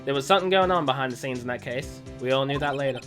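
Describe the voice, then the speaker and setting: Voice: mid-range voice, music in the background, natural voice. A streamer putting on a drawling cowboy detective. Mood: laid-back. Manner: slow put-on cowboy drawl. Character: drawling cowboy male detective, laid-back. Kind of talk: reading game dialogue aloud.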